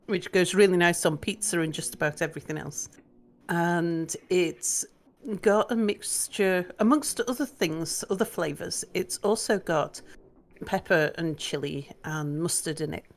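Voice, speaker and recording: A woman's voice: fairly low pitch, measured pace. A woman in a casual chat, explaining things in a plain, matter-of-fact way.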